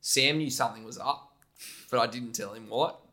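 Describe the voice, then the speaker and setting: A young man with an Australian accent speaks as a podcast guest, easygoing and unhurried. His stories wander, full of "um" and "like," with frequent self-corrections. His pitch sits in a typical middle range for a man. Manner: relaxed storytelling with many fillers and restarts. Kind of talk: casual chat.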